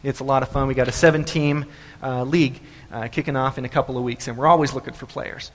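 A man's voice: medium pitch, fairly even intonation, fast talker, in a large hall. A male pastor giving a sermon in a church, talking in a loose, conversational way full of fillers and restarts. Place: church sanctuary.

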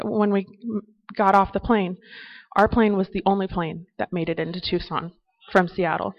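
A woman sharing a personal testimony, telling an animated travel story that turns into a reflection on faith. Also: medium pitch, muffled recording.

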